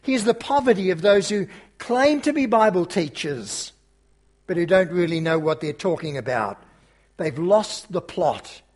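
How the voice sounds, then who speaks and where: A man's voice: fairly high pitch, husky. A man preaching a sermon to his congregation, then leading a prayer, in an earnest, emphatic way. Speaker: pastor.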